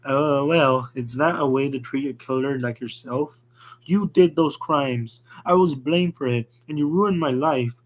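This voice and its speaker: A man's voice: medium pitch, a little slow, close to an everyday voice. A man voicing a smug middle-aged killer who mocks his victims. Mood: gloating. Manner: smug, mocking. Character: gloating middle-aged male serial killer.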